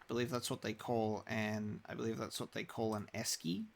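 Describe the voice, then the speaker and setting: A man's voice: on the low side, level tone, fairly quick, creaky. A young man chatting casually while live-streaming a game, rambling with many restarts.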